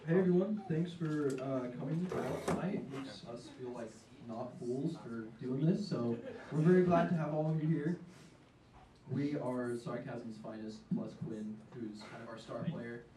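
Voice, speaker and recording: A young man performs a live stand-up set in front of an audience at a diner, rambling, mocking himself, and saying "um" a lot. His mid-range voice moves at a moderate pace, picked up by a distant mic in an echoey room with faint noise.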